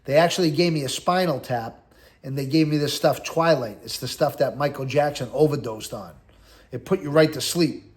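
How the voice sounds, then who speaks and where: A middle-aged host from around Boston, speaking at a fairly high pitch and normal speed, tells a long personal prison story. His casual monologue rambles in a blunt, street-talk way, full of "like" and "you know."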